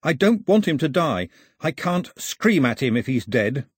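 A man's voice: on the high side, sing-song, moderate pace, slightly rough, no echo, studio quality, pitched above the performer's own voice. A man voicing a blunt young diver in a storybook reading, speaking urgently with a growl.

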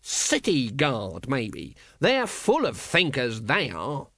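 Male reader as a gruff, sarcastic guard captain, lively mocking delivery, dry close sound. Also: mid-range voice, takes it slowly, dry recording, heavily acted. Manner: sarcastic, growling.

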